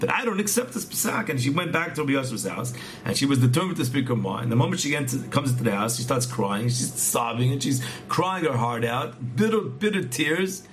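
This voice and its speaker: A man's voice: medium pitch, expressive, a little fast, few pauses, faint music behind. A man earnestly telling a religious story, often repeating words and restarting phrases as he goes. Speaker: storyteller teaching a religious tale.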